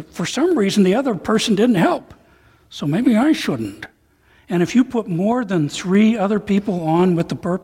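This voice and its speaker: A male preacher with a slightly high, husky voice delivers a sermon, retelling a parable with animated storytelling. His voice rings out with a long reverb, as in a large hall. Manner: animated storytelling, reading a retold parable aloud.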